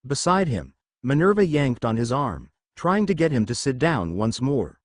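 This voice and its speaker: Animated man reading a story. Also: medium pitch, normal speed, dry recording, studio quality. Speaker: narrator. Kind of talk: scripted fan fiction narration.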